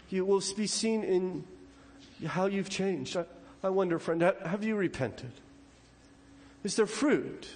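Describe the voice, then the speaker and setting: A man preaching a sermon in a church sanctuary, his voice sitting a little high for a man. He moves between loud, urgent warnings and quiet, pleading appeals. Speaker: pastor.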